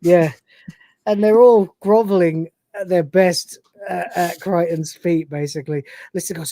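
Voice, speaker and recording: Sweary animated man. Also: sits high, unhurried, dry recording, studio quality. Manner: animated, sweary, acts out quotes with laughs. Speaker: podcast co-host. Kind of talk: casual review chat.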